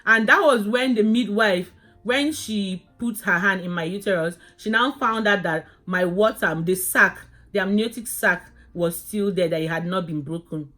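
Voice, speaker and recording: A woman vlogging her labor story in a casual, animated way, often calling viewers "guys" and restarting her sentences. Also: mid-range voice, moderate pace, soft background music.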